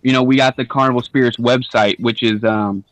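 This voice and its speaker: A man's voice: mid-range voice, steady tone, a little fast, no room sound. Laid-back, slangy podcast guy. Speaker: podcast co-host. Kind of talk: casual chat.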